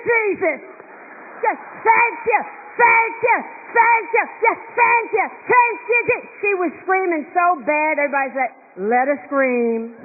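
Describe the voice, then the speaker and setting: A woman's voice: high voice, lightly acted. A woman performing a fervent middle-aged school principal on a concert hall stage, telling stories emphatically and acting out the voices of the people she quotes. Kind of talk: verbatim theatre monologue. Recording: echoey hall, thin tinny sound.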